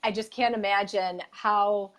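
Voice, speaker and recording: A woman's voice: mid-range voice, steady tone, measured pace, a bit bright, rough recording. Supportive woman hosting an interview. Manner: supportive, brief affirmations. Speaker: interview host. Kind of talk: casual interview.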